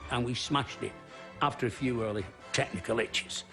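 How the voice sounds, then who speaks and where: Guy telling his story, dry and wry, mid pitch. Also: moderate pace, music in the background. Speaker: comedian narrating his career. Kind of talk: documentary narration.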